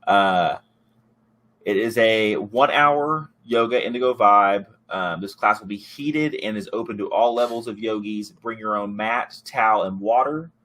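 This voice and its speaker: Laid-back low-voiced podcast host. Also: male voice, measured pace. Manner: rambling, relaxed, many fillers and restarts. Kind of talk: casual chat.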